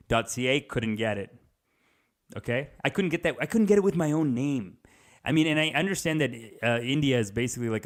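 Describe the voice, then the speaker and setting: A young adult man doing a rambling comedic monologue as a podcast host, jumping into quick character voices. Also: medium pitch, fairly bright tone.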